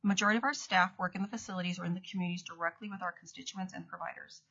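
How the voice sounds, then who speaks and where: Her voice lowish, husky, pushed and bright yet steady in tone, an acting state commissioner races through her prepared testimony at a hearing. She corrects minor slips along the way, and the legislative hearing room audio is dull and lo-fi.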